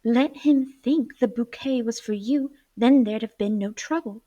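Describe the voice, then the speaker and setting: Spoiled teenage girl voiced by a woman, cross, pert, sharp, scolding, dry sound. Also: fairly high pitch, a little slow, no echo, lo-fi sound.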